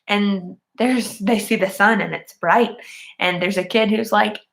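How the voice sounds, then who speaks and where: A woman's voice: mid-range voice, fairly even intonation, unhurried, gravelly, a bit bright. A woman casually recapping and reviewing a movie in a chatty, rambling way, full of "like" and "um".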